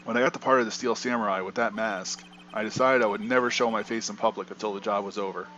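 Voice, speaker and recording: A man voicing a shy, gentle male actor in a fan game dub, soft-spoken and sincere. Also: fairly low pitch, steady tone, fast, dull audio, slight background noise.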